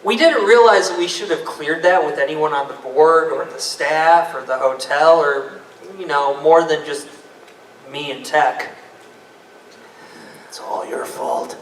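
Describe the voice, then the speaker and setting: Joking man with a higher voice, echoey room. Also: a little slow, fairly bright tone, slight background noise. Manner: joking, playful plugs and asides. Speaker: convention AV team member. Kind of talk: storytelling to a live audience. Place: convention panel room. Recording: echoey room mic from far off.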